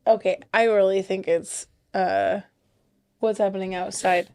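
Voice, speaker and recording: A woman's voice: mid-range voice, fairly even intonation, warm tone, clean tone, dry recording, studio quality. A woman chatting and teasing her partner as a podcast co-host, laughing often. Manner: giggly, teasing, quick to laugh. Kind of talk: casual couple chat.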